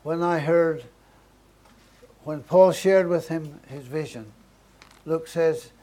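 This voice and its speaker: Man, preacher, sermon, earnest, repeated emphatic phrases, somewhat high pitch. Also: takes it slowly, warm tone.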